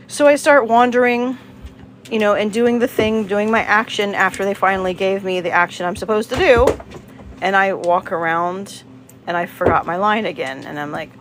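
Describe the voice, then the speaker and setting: A woman hosting a livestream, telling a long story with lots of animated quoted dialogue. Her voice sits at an ordinary pitch, and a faint hiss of background noise sits under it. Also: moderate pace. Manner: animated, acts out quotes, chats with viewers. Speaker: livestream host.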